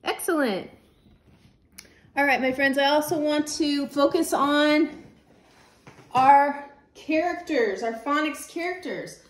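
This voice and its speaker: A woman teaching a phonics lesson to young children, slow and patient, repeating the letter sounds. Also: high-pitched, echoey room.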